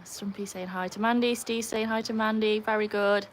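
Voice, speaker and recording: With a medium-pitched, steady voice at normal speed and slight background noise, a young woman from England and Wales talks casually to her livestream audience from beside a home pool. She's chatty, answers viewers' questions, and cheers the dog on with loud woohoos, a pool pump and faint outdoors audible behind her.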